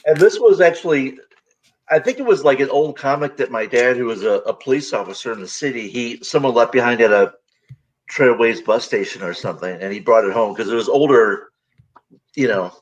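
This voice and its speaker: A man's voice: mid-range voice, brisk, dull audio. A man guesting on a casual stream, telling a nostalgic story in an easygoing way. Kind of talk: casual chat.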